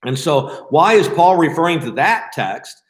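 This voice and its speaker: A man leading a Bible study in a casual, conversational way, often pausing with fillers and restarting his sentences. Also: fairly high pitch, animated, reverberant.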